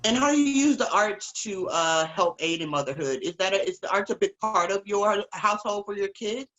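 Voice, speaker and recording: A woman hosting a casual interview, playful and quick to laugh, sharing stories about her own kids. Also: medium pitch, fairly bright tone, poor audio. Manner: playful, giggly, teasing. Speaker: host.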